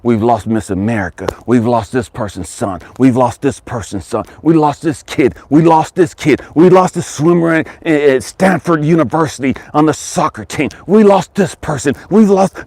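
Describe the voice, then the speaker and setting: In a fairly high voice at normal speed with few pauses, a man rants motivationally as a life coach. He curses, stresses every point, repeats himself, and sinks from loud to hushed. The recording is dry.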